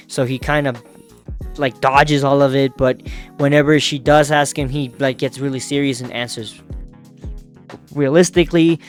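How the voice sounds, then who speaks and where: A man hosting a casual manga recap who talks loosely, laughs often, swears and uses many fillers. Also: fairly high pitch. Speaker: manga review host.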